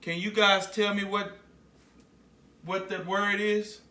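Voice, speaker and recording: A man teaching a phonics lesson to young children, slowly repeating words for them to say back. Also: high-pitched, level tone, sharp tone, echoey room, recorded from a distance.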